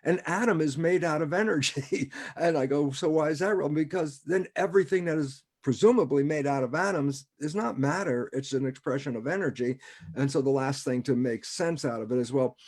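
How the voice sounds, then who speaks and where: A man's voice: a little high, brisk, a little mellow. A man on a video call, explaining in a conversational way and often chuckling as he asks himself rhetorical questions. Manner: rhetorical, keeps asking himself "why is that relevant?". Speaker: guest speaker.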